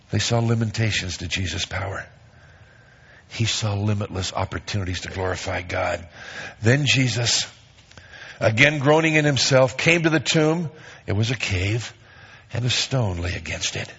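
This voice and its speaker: A man of medium pitch preaching a sermon with lively emphasis, reading scripture and driving his points home. His voice is husky. The recording sounds dull and lo-fi. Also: moderate pace. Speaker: pastor.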